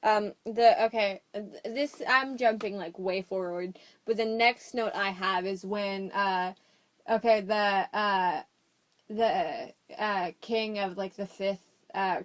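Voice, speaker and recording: A woman's voice: mid-range voice, fairly even intonation, slow. A woman co-hosting a casual movie review chat, hesitant and wry, talking with many fillers.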